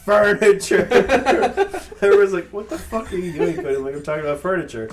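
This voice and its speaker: A young man in casual chat, telling stories in an animated, playful way with loud bursts of laughter. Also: on the high side, very fast, music in the background. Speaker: podcast co-host.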